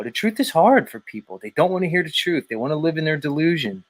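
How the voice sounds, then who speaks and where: A man's voice: on the high side, very animated, fast talker, fairly bright tone. A man hosting a show, ranting casually with mocking, profane remarks. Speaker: show host.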